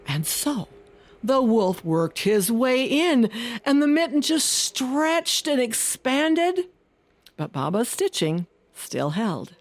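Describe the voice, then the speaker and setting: A woman storyteller telling a folk tale in an expressive, sing-song way with dramatic pauses. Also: high voice.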